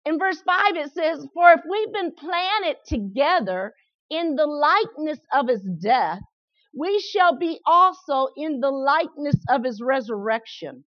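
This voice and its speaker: A woman preaching a sermon in an animated way, often repeating words in quick bursts and laughing as she speaks. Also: high-pitched, dry recording. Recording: dull, lo-fi, dry sound.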